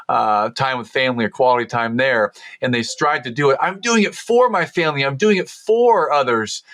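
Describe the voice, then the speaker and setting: A male podcast host reflecting thoughtfully in conversation, pausing and restarting as he thinks. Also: mid-range voice, fairly bright tone, clean tone, dry recording.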